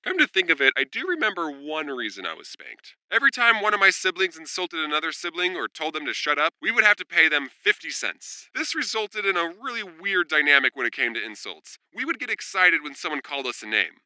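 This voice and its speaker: Bright, lively young man. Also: on the high side, fairly quick, few pauses, smooth, no room sound, rough recording. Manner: sarcastic, deadpan asides, jumps into character voices. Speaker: storytime vlogger. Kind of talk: comedic storytime monologue.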